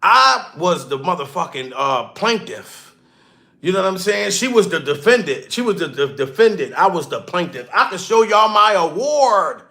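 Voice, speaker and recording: Loud high-voiced man ranting. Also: very animated, moderate pace, gravelly. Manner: loud, rowdy, laughing, swearing. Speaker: comedy commentator. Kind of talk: profane reaction commentary.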